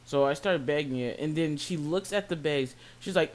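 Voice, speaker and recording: Here a young retail worker vents through a story at normal speed in a medium-pitched voice. It's a lively, foul-mouthed, exasperated rant in a casual tone.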